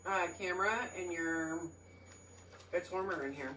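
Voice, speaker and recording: A woman on a ghost hunt asks curious questions in a fairly low voice for a woman. The mic is some distance away in an echoing room, with a little noise underneath. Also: measured pace, sharp tone. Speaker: ghost hunter. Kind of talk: casual chat during an investigation. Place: old hotel interior.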